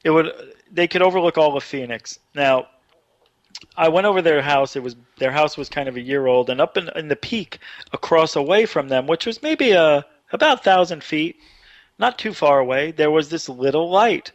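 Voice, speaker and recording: A man telling a long personal story on a talk show, getting animated and louder as it builds. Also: fairly high pitch, moderate pace, no room sound. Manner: animated, excited retelling with rising voice. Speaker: radio show guest. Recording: dull dry online radio audio.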